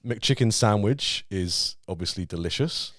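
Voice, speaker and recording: A man's voice: lowish voice, animated, measured pace, a bit bright, no room sound, clean studio sound. A man hosting a casual podcast, laughing often, swearing and teasing his guest. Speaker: podcast host.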